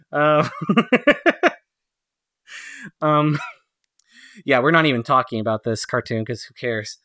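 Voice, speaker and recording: A man's voice: mid-range voice, takes it slowly, long pauses, sharp tone, no room sound, studio quality. A man co-hosting a podcast, chatting casually about cartoons, laughing often and rambling with lots of fillers. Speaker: podcast co-host. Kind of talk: casual chat reviewing cartoons.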